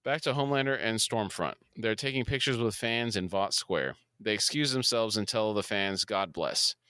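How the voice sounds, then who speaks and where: A man with a lowish voice that still sounds bright and forceful narrates a scene-by-scene episode recap for his podcast. His delivery is steady and plain, and his tone is smooth and crisp. The recording is dry and close. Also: moderate pace, dry recording. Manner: steady, plain recounting of plot. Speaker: podcast co-host.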